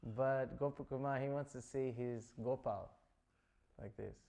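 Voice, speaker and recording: A man's voice: mid-range voice, steady tone, a little slow, vocal fry, warm tone. A man giving a scripture class, retelling stories in a loose, chatty way full of "like" and "you know". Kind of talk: casual storytelling talk.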